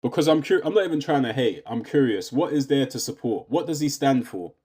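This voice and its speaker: A man's voice: medium pitch, lively intonation, fairly quick, mellow, husky. A British man giving a casual, opinionated rant, asking rhetorical questions and often checking in with his listener. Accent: British English. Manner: conversational, rhetorical questions, says "do you know what I mean" often. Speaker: YouTube commentator.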